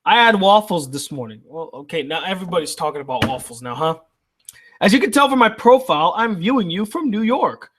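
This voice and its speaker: A man's voice: sits high, lively intonation, a little fast, background noise. Casual profane man reading stream chat. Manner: reads chat aloud, loose and profane. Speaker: anime reviewer reading live chat.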